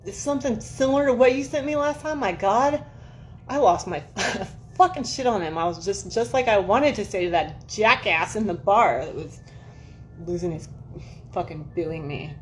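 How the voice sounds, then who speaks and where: A woman's voice: mid-range voice, animated, normal speed, a little hiss or hum. A woman hosting a casual livestream, telling rambling stories, swearing freely and talking to her viewers by name. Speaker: livestream host. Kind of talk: casual livestream chat and storytelling.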